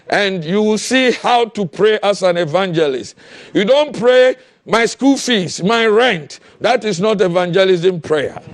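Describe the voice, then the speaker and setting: A male preacher delivers an impassioned sermon in a strikingly high voice with a rough, gravelly edge. He speaks slowly and deliberately. He keeps rising into shouted exhortations and repeated refrains. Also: no echo. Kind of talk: fiery sermon.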